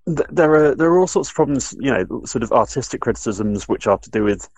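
A man's voice: medium pitch, animated, fast, darkish tone, no room sound. A man from northern England co-hosting a casual discussion, rambling with many restarts and fillers. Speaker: podcast co-host.

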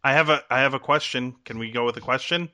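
A man's voice: medium pitch, fast, a crowd in the background. A man with a Midwestern American accent hosting a casual podcast, rambling with lots of fillers and restarts. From Midwestern United States. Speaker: podcast host.

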